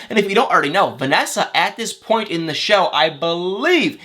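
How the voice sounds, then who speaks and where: A man's voice: high-pitched, sing-song, brisk, pushed and bright. A man hosting a celebrity gossip vlog, rambling chattily, correcting his own slips and poking fun at himself. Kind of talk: casual chat.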